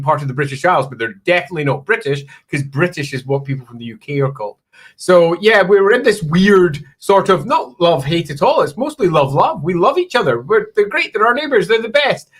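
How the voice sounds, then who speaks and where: A chatty Scottish man co-hosting a casual live stream. His voice sits fairly high for a man, and he laughs often as he rambles through lively asides. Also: slightly rough. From Scotland. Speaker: podcast co-host.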